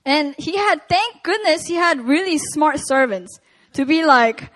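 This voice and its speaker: A woman preaching at a prayer meeting, reading scripture and retelling it in a casual, animated way. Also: high voice, unhurried.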